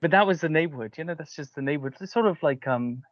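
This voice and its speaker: A man's voice: on the high side, fast, no room sound, lo-fi sound. A man with a Cardiff Welsh accent, telling rambling anecdotes in a casual chat, with lots of fillers. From Cardiff, Wales. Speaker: podcast host.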